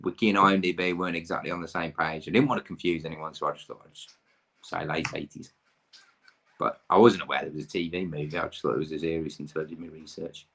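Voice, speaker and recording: A man's voice: a bass voice, fairly even intonation, quick pace, fairly bright tone, husky. A man in his thirties from the UK, hosting a pub quiz with chatty, rambling, self-deprecating asides.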